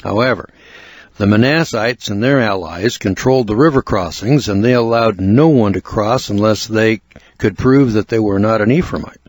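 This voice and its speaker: An older American man narrating a spoken book review in a measured, earnest lecturing way with asides. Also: on the low side, no echo. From United States.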